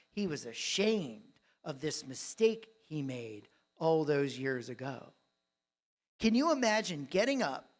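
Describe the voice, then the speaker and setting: A man giving a keynote talk on a live conference stage, telling a story with dramatic swings between loud and hushed delivery. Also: sits high. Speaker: dentist and coach, keynote speaker.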